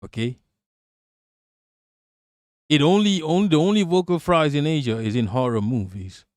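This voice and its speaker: A man's voice: fairly high pitch, lively intonation, moderate pace, dry recording, clean studio sound. A man hosting a live stream, joking crudely and answering viewers by name in casual chat.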